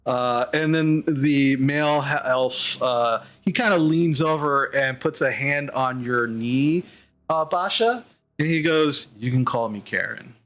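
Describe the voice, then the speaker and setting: A man as game master narrating a tabletop game, halting with many fillers. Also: a little high, a bit bright.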